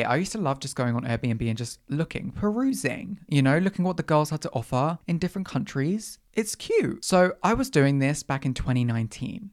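Animated, slangy podcast host. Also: mid-range voice. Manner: animated, slangy, dramatic asides. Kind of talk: casual solo podcast storytelling.

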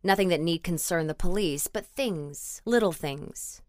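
Woman narrator, low register, steady, dry studio read. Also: measured pace, no room sound. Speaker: audiobook narrator. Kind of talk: scripted narration.

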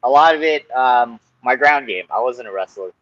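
A man on a podcast, a kickboxer and Muay Thai coach, telling stories in a lively, animated way and swearing often. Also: medium pitch, moderate pace, dull audio. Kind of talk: casual podcast chat.

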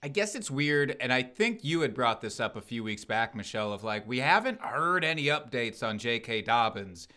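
A man's voice: medium pitch, big pitch swings, moderate pace, hardly any pauses, pushed and bright. A man co-hosting a casual sports podcast, weighing in with dry, wry humor. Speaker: podcast co-host.

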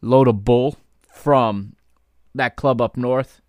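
A man's voice: medium pitch, slow pace, dry recording. Guy ranting solo on his podcast, fired up and cursing, dry close sound. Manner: heated, indignant ranting with outbursts of swearing; rises from calm explanation into loud, stressed outrage. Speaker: podcast host.

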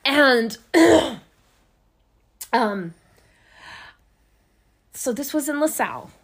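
A woman co-hosting a podcast, telling a story in a casual, animated way and laughing often. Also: high voice, drawn-out words, husky. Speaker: podcast co-host.

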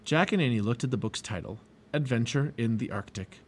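A man reading a children's storybook aloud in an expressive, lively way. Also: medium pitch, fairly quick, slight background noise. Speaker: storybook reader.

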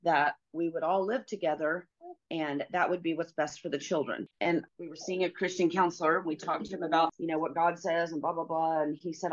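A middle-aged woman telling a personal story as a guest, earnest and halting, with many pauses and fillers. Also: sits low, fairly even intonation, lo-fi sound.

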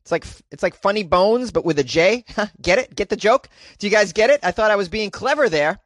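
A man with a fairly high voice hosts a comedy news podcast, rambling through jokes and chuckling at himself. The sound is dry and close, with no room around it. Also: expressive, fairly quick, a bit bright, dry recording. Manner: jokey, rambling, laughs at own jokes. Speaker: podcast host.

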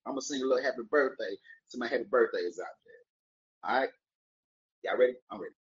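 Speaking fast at a medium pitch, with the high frequencies cut off, a man gives a casual motivational talk to camera. He's a vlogger sharing daily encouragement, joking around and playing with words as he wishes his audience a good day.

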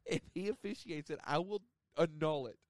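A middle-aged man chatting casually as a podcast co-host, telling animated stories outdoors. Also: normal speed, no room sound. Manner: animated storyteller, swings pitch high for quoted lines. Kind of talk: casual chat.

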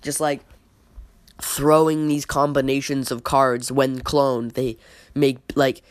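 A woman's voice: extremely low pitch, flat delivery. A woman hosting a podcast, giving a casual, rambling opinion rant full of fillers and restarts, often rattling off lists. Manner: lists items off in quick runs. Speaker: podcast host.

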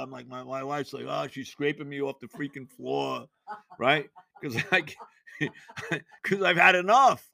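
An older man, hosting a sports podcast and ranting in exasperation with loud, theatrical outbursts. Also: on the high side, creaky, no room sound, clean studio sound. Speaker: podcast host. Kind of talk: sports rant.

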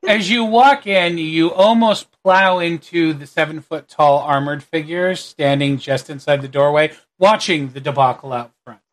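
A man's voice: a little high, normal speed, hardly any pauses. A young man narrating a tabletop game as game master, casual with fillers as he describes scenes.

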